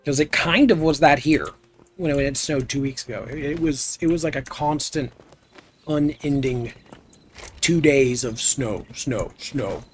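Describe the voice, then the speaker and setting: A man with a medium-pitched, slightly slow voice is live-streaming a building game, with a little noise in the background. He rambles and goofs around, chatting casually with his viewers as he plays.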